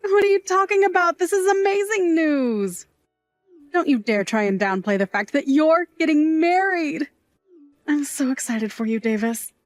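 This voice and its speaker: A woman's voice: sits high, moderate pace, dry recording, faint music behind, lightly acted. An actress voicing a glamorous, doting middle-aged aunt who works nights at a bar, fussy and theatrical in her manner. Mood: affectionate. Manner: fussy, dramatic, gushing. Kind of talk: audio drama acting.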